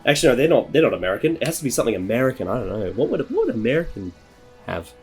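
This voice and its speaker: A man's voice: mid-range voice, very animated, racing, darkish tone, soft background music. A man chatting casually as a reviewer, joking and wry. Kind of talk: casual group chat.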